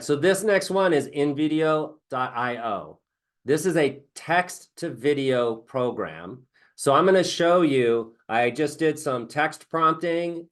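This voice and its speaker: A man presenting in a webinar, explaining software step by step in a chatty way. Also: mid-range voice. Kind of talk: casual presentation.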